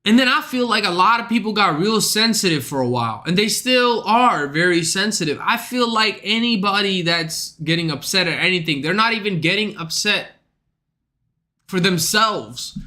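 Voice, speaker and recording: A man's voice: high-pitched, animated, moderate pace, pushed and bright. A young man streaming, ranting in a casual, profane, slangy way to his chat. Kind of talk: livestream rant.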